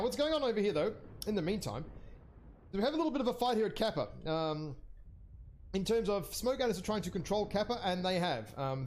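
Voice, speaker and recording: A young man with a high-pitched voice casts an online game league match live. He rambles and thinks aloud as he reads the teams, and his voice climbs when a pick surprises him. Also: darkish tone, slight background noise. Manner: voice jumps higher when surprised. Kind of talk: live esports commentary.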